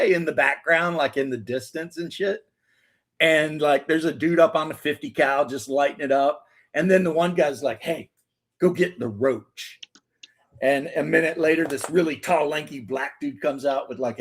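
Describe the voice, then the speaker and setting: Husky man telling rambling stories. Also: on the high side. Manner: rambling storyteller, acts out quotes, swears, laughs. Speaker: host. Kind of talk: casual chat.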